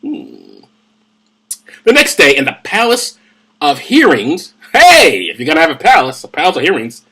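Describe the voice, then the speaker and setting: Husky, tipsy man riffing on scripture. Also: fairly high pitch, very animated, unhurried, pauses often, bright, forceful tone. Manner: rambling, profane, tipsy asides. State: drinking gin. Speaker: host of a comedic Bible reading. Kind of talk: casual comedic commentary.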